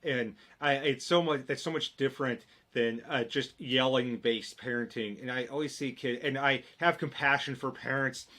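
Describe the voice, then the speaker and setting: A man's voice: mid-range voice, normal speed, hardly any pauses, pushed and bright. A man hosting a podcast, affirming his guest and reflecting on what he has heard. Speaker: podcast host. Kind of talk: podcast interview conversation.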